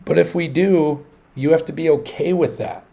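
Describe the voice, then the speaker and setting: A man in his thirties hosting a casual livestream, talking in a rambling, animated way with many restarts. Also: fairly high pitch, moderate pace, gravelly. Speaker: livestream host.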